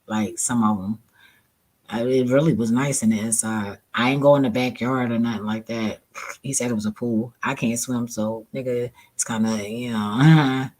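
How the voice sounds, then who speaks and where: A relaxed man telling a casual storytime, loose and profane, laughing often as he talks. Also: medium pitch, poor audio. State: relaxed and laid back. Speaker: vlogger.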